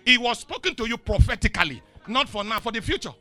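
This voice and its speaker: A middle-aged man with a Nigerian accent preaching a sermon in call-and-response style. He swings from soft asides to shouts and chuckles often. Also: very high voice, big pitch swings, quick pace, soft background music. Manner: chuckles often mid-sentence. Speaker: pastor.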